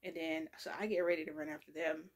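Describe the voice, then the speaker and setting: A woman's voice: sits low, little pitch movement, quick pace, creaky. A woman telling a long story in a casual, rambling way, full of asides and self-corrections. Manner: rambling and chatty, with lots of fillers and self-corrections.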